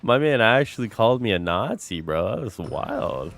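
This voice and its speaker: A man's voice: on the low side, normal speed, gravelly, soft background music. A young man streaming, chatting casually with his audience, swearing a lot and calling everyone bro. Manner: animated, swears a lot, says bro constantly.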